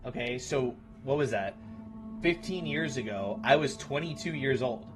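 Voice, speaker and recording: A man's voice: mid-range voice, expressive, moderate pace. A man in his thirties chatting casually with his stream viewers in a blunt, profane way. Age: 30s. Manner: blunt, profane, talks to chat. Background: music.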